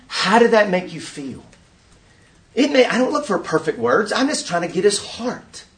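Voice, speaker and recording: A man giving a preaching-style conference talk, an animated storyteller who acts out scenes and asks the audience rhetorical questions. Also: high voice, moderate pace, recorded from a distance. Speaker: workshop speaker at a conference.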